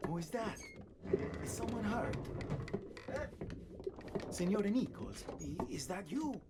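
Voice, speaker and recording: A man's voice: high-pitched, lively intonation, slow pace, very noisy, exaggerated voice. An actor voicing an anxious male passenger in a video game, speaking hesitantly. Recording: distant, loud ship ambience.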